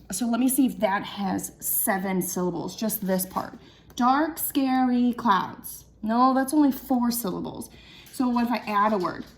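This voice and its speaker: A young woman teaching a writing lesson to children, thinking aloud and counting syllables patiently. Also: medium pitch.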